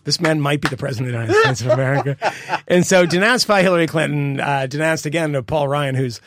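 A middle-aged man co-hosting a casual political podcast, rambling and emphatic, with sudden jumps in pitch. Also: fast talker, noisy background. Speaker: podcast co-host.

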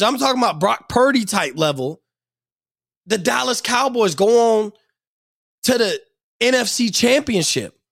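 A man hosting a sports podcast, delivering an angry, profane rant and shouting at times. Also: very high-pitched, gravelly, no echo, studio quality.

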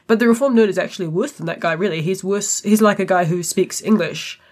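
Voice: medium pitch, fairly quick. New Zealand accent, mid-range voice, podcast co-host, casual matter-of-fact explaining. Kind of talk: casual discussion.

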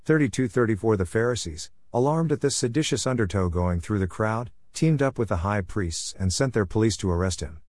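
A man's voice: fairly low pitch, animated, brisk, hardly any pauses, darkish tone, dry recording, clean studio sound. A man reading scripture aloud as a scripted reading and speaking each verse number. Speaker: scripture reader.

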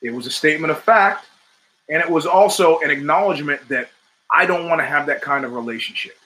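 A man's voice: on the high side, fairly quick, sharp tone, a little hiss or hum. A middle-aged man hosting a podcast, delivering an opinionated monologue with emphatic, rhetorical phrasing and repeated lines for effect. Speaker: podcast host.

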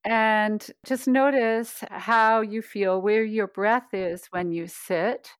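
A woman's voice: mid-range voice, steady tone, slow, clear, resonant tone, no echo. A woman voice coach guiding exercises patiently, demonstrating hums and chants. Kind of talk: guided voice exercises.

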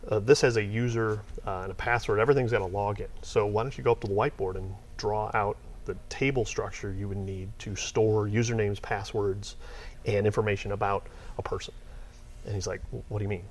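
A middle-aged man, a software company owner telling stories in a casual interview, rambling and getting worked up as he goes. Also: on the low side, fairly quick. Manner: rambling, animated, gets worked up retelling.

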